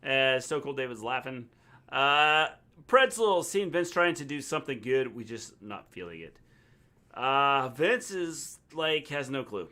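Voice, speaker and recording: American man, livestream co-host; animated pitch, jokey, repeats his partner's lines. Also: measured pace. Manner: jokey, echoes his co-host's words. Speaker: co-host reading viewer comments. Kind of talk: casual livestream chat.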